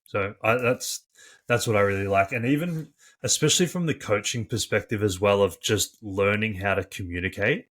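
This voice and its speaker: A man with a fairly low voice co-hosts a relaxed podcast, telling stories with animated, chatty energy. He scatters filler words and swearing through his talk. He sounds close to a studio mic. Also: moderate pace. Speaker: podcast co-host and coach. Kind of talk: casual podcast chat.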